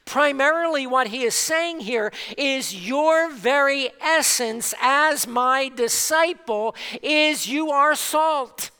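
A male pastor delivers a sermon at an unhurried, deliberate pace, leaning on key words with long pauses. His voice is bright and forceful. It rings out through a church sanctuary with a long reverberant tail. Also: very high voice. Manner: slow, emphatic preaching with dramatic pauses.

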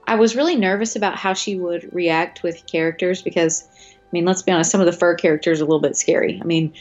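A woman's voice: fairly low pitch, fairly even intonation, fast talker, a little mellow, highs cut off, soft background music. A young woman hosting a podcast, chatting casually and reacting eagerly. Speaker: podcast host. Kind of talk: casual chat.

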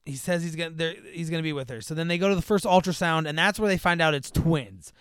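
A man with a fairly high, smooth, clear voice, talking casually and rambling through a film plot with loads of fillers. He keeps jumping up into voices to act out the characters. The sound is dry and close, with no room echo. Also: fast, fairly bright tone. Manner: rambling, filler-heavy, acts out characters in a raised voice. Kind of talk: casual chat retelling a movie.

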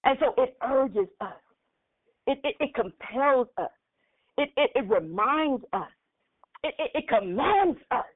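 A woman's voice: high-pitched, animated, a little slow, pauses often, no room sound. A woman preaching an impassioned sermon on forgiveness, repeating phrases and breaking into prayer. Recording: tinny phone-like line.

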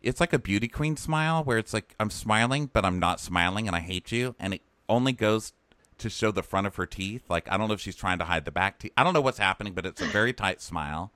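A man co-hosting a podcast, recapping a dating show in sarcastic, animated chat and mimicking the people on it. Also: fairly low pitch, fast talker, dry recording. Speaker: podcast co-host. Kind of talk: casual comedic recap chat.

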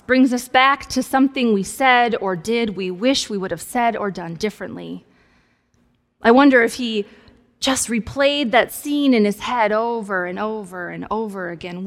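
A woman's voice: a little high, a bit bright. A woman pastor preaching a sermon in a conversational, playful way with humorous asides. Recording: long hall reverb.

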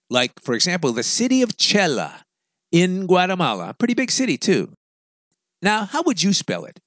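A man's voice: medium pitch, fairly bright tone, dry recording, studio quality. A man hosting a radio show, delivering an opinionated, sarcastic monologue full of wisecracks.

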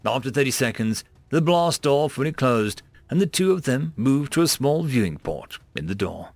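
A man reading science-fiction stories aloud as a narrator, with an expressive delivery. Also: medium pitch, moderate pace, creaky, few pauses, no room sound, faint music behind. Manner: expressive reading that rises and falls. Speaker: story narrator.

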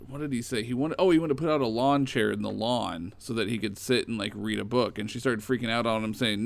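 A man casually retelling old comic stories in a rambling, animated way. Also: lowish voice, brisk, gravelly, few pauses. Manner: rambling, animated storytelling with fillers.

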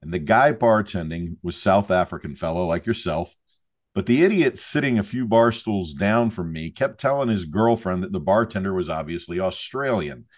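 A man hosting a podcast speaks with a very low voice. He tells stories in a wry, self-deprecating way and leads a friendly interview. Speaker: podcast host.

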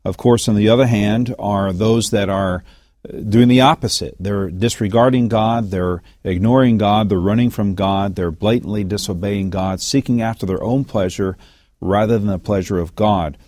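A man, a pastor co-hosting a Bible question show, who talks in a measured, thoughtful way with frequent fillers. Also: lowish voice, fairly even intonation, darkish tone, no room sound, clean studio sound. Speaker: pastor and co-host. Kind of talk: Bible Q&A discussion.

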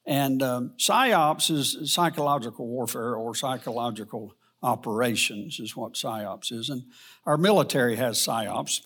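A man teaching a Bible study lesson in a rambling, halting way, with many fillers and restarts. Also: fairly high pitch, slightly rough.

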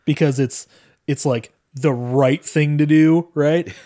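A man's voice: fairly high pitch, fairly even intonation, takes it slowly, warm tone. Profane man retelling a movie. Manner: profane storytelling, acts out characters' lines. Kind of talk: casual movie recap chat.

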